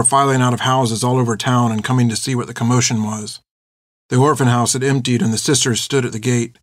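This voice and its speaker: Male narrator, measured, expressive, storybook reading, dry studio sound. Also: mid-range voice, dry recording. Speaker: audiobook narrator.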